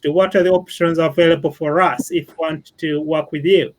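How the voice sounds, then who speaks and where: A man's voice: fairly high pitch, steady tone, moderate pace. A man hosting an interview, asking questions politely with hesitant fillers. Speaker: host.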